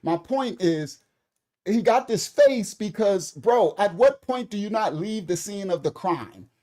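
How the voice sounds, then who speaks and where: A middle-aged man, hosting casual news commentary, animated and preachy, talking straight to his viewers. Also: high voice, a little slow. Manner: animated, preachy, laughing, addresses chat directly. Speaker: commentary channel host.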